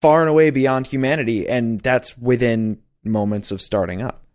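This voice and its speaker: A man's voice: medium pitch, fairly even intonation, moderate pace, darkish tone. A man co-hosting a film podcast, dry and brief, mostly chiming in with short agreements. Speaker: podcast co-host. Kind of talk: casual film discussion.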